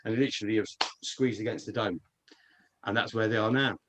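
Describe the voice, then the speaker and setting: A man's voice: lowish voice, steady tone, a little fast, fairly bright tone. A man, rambling through a casual story with frequent swearing and restarts, speaking as a guest on a live online stream.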